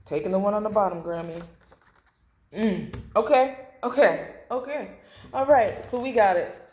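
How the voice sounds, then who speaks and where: A woman's voice: medium pitch, moderate pace, darkish tone. A woman doing a blunt, emotional tarot reading to camera, repeating phrases and swearing. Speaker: tarot reader. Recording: echoey room.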